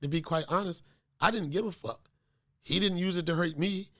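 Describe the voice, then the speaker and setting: A man's voice: sits high, normal speed. A man hosting a comedy podcast, getting over a cold, talking in a loose, profane, storytelling way with lots of fillers. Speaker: podcast host. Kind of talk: casual comedic podcast chat.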